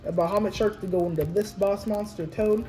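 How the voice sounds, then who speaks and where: A woman casually explaining her card game deck, talking in a halting way with restarts and fillers. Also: mid-range voice, steady tone, dark tone, soft background music, poor audio. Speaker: tournament winner showing her deck.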